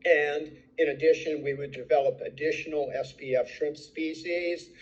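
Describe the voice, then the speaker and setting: A man's voice: fairly high pitch, fairly even intonation, moderate pace, lo-fi sound. An older man presenting his entrepreneur story, telling it eagerly and acting out the dialogue he quotes. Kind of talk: recorded slide presentation.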